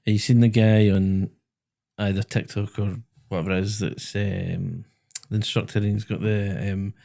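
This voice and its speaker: A man's voice: lowish voice, level tone, moderate pace, vocal fry, warm tone. A man with a Scottish accent hosting a podcast, chatting casually and telling stories that make him laugh. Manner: chatty storyteller, laughs at his own stories. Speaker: podcast host and driving instructor. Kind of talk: casual chat. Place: small podcast studio.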